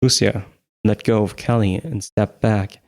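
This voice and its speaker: A man's voice: on the low side, steady tone, a little slow, darkish tone. A man narrating a horror story as an amateur audiobook reader, with small slips he corrects. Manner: plain reading with small slips and self-corrections.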